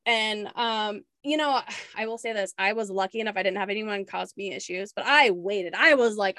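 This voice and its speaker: A woman's voice: mid-range voice, normal speed, few pauses, pushed and bright, dry recording, studio quality. Blunt, outspoken young woman host. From Washington state. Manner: blunt, outspoken, laughs often. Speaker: podcast host. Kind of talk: casual chat.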